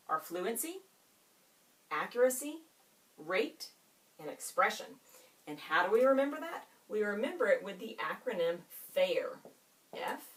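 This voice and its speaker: Recorded from a distance on a camera set up in the room, a woman with a mid-range voice leads students in reading. Expressive and drawn out, she stretches key words and keeps asking them questions.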